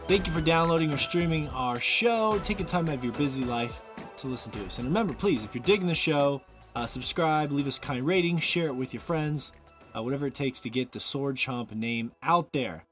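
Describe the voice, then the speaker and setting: A man's voice: mid-range voice, animated, fairly quick, fairly bright tone, faint music behind. A man from Montana hosting a casual podcast, rambling and joking, laughing often between fillers. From Montana, USA. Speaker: podcast host.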